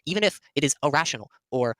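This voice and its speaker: Man, firm voice-chat participant; fast, bright, lecturing tone. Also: on the high side, animated, no echo. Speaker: participant in group call. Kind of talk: voice-chat discussion.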